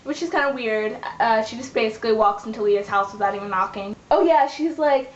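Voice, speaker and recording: A woman's voice: fairly high pitch, brisk. A young woman recapping her web series in a casual, chatty vlog, acting out the characters' lines as she goes. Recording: echoey room, dull lo-fi sound, faint hiss.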